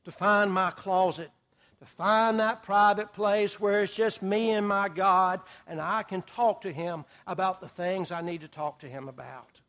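Man, middle-aged, preacher, very high voice, earnest, emphatic, sermon delivery. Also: fairly even intonation, unhurried, a bit bright. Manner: earnest, emphatic, swells in volume on key phrases.

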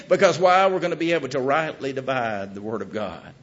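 A middle-aged man preaching a sermon in a folksy, emphatic way, with his voice rising to loud peaks. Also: mid-range voice, expressive, fairly quick, few pauses. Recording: muffled lo-fi recording.

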